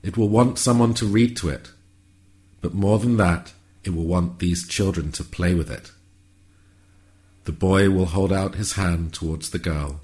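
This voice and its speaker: A man narrating a whimsical story in a calm, measured, wry way. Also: low voice.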